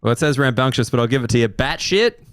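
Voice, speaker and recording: A man's voice: mid-range voice, little pitch movement, racing, clear, resonant tone, dry recording. Australian man, podcast co-host; playful, profane quizmaster, dry booth sound. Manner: joking, profane, quizzing. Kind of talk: casual comedic chat.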